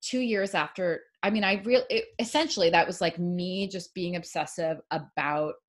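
Rambling woman guest, low-pitched. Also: normal speed. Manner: rambling, full of "like", restarts mid-sentence. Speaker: author guest. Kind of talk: casual podcast chat.

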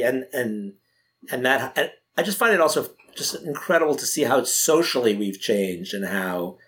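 Relaxed rambling man guest. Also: medium pitch, moderate pace. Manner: relaxed, rambling, uses many fillers. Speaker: guest filmmaker. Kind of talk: casual chat.

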